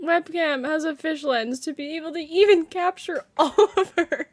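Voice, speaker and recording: A woman's voice: sits high, normal speed. A woman game streamer in casual live-stream chat, reading viewer comments aloud and laughing to tears, giggling constantly through her words. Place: home streaming setup.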